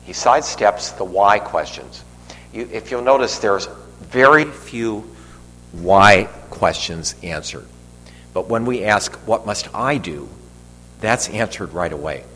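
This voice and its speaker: A man's voice: on the low side, lively intonation, slow pace, fairly bright tone. An older man preaching a homily, telling a rambling personal story with frequent restarts and fillers. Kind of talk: sermon. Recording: long reverb, faint noise.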